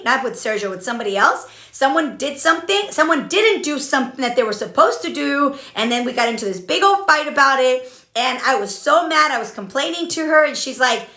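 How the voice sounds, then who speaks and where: A woman's voice: sits high, sharp tone. A woman hosting a casual motivational talk for a live chat, chatty and frank, often checking in with "okay?". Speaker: business coach hosting a live stream. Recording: echoey room.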